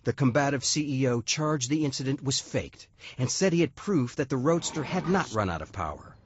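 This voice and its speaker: A man reading scripted documentary narration in a measured, dramatic way. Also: medium pitch, expressive, a little hiss or hum. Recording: dull lo-fi audio over music.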